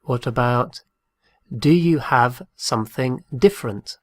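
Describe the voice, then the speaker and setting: Male language teacher, slow and deliberate, mid-pitched, dry close sound, drills phrases and spells words aloud. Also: dry recording. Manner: patient, repeats each phrase and spells words out. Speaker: Spanish teacher.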